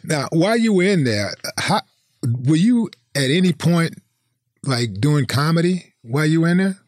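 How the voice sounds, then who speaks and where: A man interviewing a guest in a relaxed, casual chat, asking short questions. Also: a little high, moderate pace, no room sound, studio quality.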